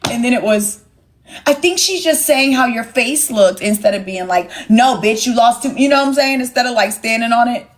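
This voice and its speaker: A young woman hosts a phone livestream, her voice fairly high, animated and brisk. She talks straight to her chat in a casual rant, blunt, sassy and full of swearing.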